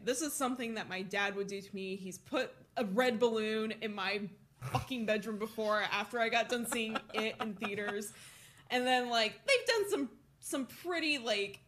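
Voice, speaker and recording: A young woman co-hosting a podcast, telling a story in a casual, animated way, with lots of swearing and laughter. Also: on the high side. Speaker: podcast co-host.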